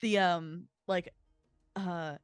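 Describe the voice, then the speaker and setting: A woman running a tabletop game as game master, talking in a halting way with many fillers. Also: fairly low pitch, steady tone, smooth, no room sound, soft background music.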